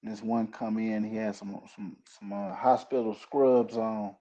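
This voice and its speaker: A man hosting a casual chat, telling rambling, animated stories. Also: lowish voice, unhurried. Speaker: host. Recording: dull lo-fi recording.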